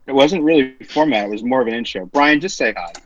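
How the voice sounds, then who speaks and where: A man with a New Jersey accent hosting a casual podcast, teasing his co-hosts with quick, joking banter. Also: mid-range voice, lively intonation, crowd noise. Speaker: podcast host. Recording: slightly dull lo-fi sound.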